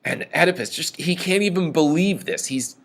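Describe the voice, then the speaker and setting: A man's voice: a little high, moderate pace. Guy lecturing on a play, voice jumps around a lot, casual teacher vibe. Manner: animated, reads quoted lines with raised voice. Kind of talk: lecture reading and explaining a play.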